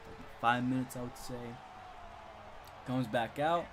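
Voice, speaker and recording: A man's voice: medium pitch, a little slow, faint music behind. A young man casually telling a funny school story on a live stream, rambling with lots of repeats and chuckles.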